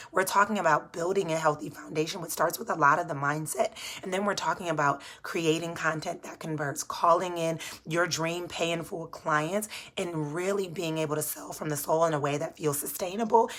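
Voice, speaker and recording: Woman coach, low voice, just woke up, earnest encouraging live pitch. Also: fairly bright tone. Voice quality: low, slightly groggy. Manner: earnest, encouraging, repeats words for emphasis. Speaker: business coach. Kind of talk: casual live video pitch.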